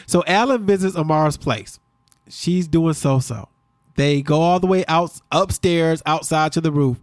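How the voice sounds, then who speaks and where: Fast talking podcast guy recapping tv, kinda high voice, dry close sound. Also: no echo. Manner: fast-talking, animated storyteller. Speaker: podcast co-host. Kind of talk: casual recap chat.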